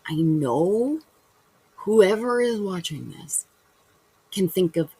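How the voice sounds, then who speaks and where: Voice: mid-range voice, big pitch swings, takes it slowly, warm tone, husky, dry recording, low-quality recording. A vlogger talking casually to camera in a rambling spiritual monologue, acting out imagined conversations and correcting themselves as they go. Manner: loose and chatty, with fillers and self-corrections.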